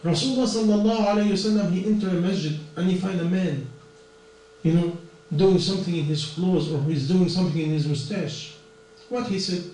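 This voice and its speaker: High-voiced preacher in an echoey hall. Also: male voice, brisk, warm tone. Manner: earnest, non-native English with plain grammar slips. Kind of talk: sermon. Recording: echoey distant room recording with mains hum.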